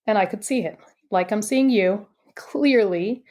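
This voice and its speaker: A woman guest on a podcast telling a personal story in an animated, chatty way, full of "like" and "you know". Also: mid-range voice, unhurried. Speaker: podcast guest, intuitive coach.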